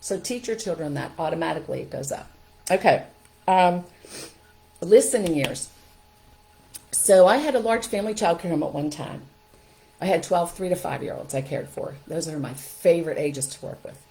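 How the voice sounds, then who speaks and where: Middle-aged woman, host, casual parenting advice, upbeat, practical, slightly low voice. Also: expressive, normal speed, creaky, pauses often, mellow, low-quality recording. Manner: upbeat, practical, checks in with "okay?". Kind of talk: casual how-to talk to camera.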